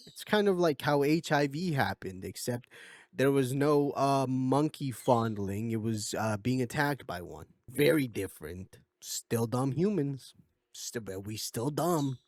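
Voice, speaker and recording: A man's voice: mid-range voice, no echo, studio quality. A young man hosting a casual video essay, rambling with lots of fillers, joking and correcting himself. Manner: jokey, swears. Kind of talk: casual commentary.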